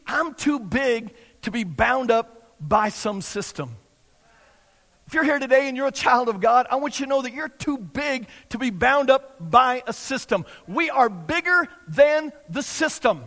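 A man's voice: very high-pitched, fairly bright tone, in a large hall. A man preaching a sermon as pastor, emphatic and repetitive, sometimes acting out the people he quotes.

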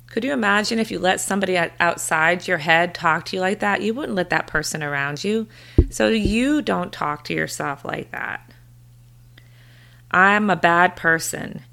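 A woman's voice: mid-range voice, lively intonation, normal speed, creaky, sharp tone. A woman hosting a podcast, giving an earnest, encouraging motivational talk that repeats phrases for emphasis. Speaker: podcast host, confidence coach.

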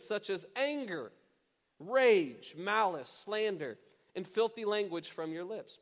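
High-voiced preaching man, hall echo. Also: animated, moderate pace. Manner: emphatic preaching with stretched, stressed words. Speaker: pastor. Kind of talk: sermon. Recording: long reverb of a church hall.

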